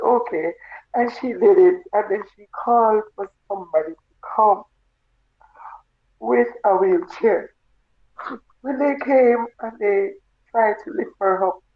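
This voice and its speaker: Tearful Jamaican woman, slow halting speech. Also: mid-range voice. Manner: halting, tearful, repeats phrases. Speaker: bereaved mother telling her story. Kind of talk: emotional personal testimony. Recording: tinny phone-like sound.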